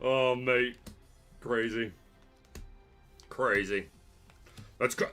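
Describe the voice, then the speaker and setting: A man, hosting a card-opening video with jokey, excitable commentary and bursts of shouting. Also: mid-range voice, very slow, soft background music. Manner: excitable, jokey trash talk with sudden shouts. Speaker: trading card channel host. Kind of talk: casual pack-opening commentary.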